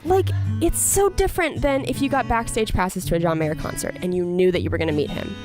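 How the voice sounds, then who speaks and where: A young woman comedian telling a story in casual chat, animated and self-mocking, full of "like" fillers. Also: medium pitch, a little fast, over music. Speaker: comedian guest.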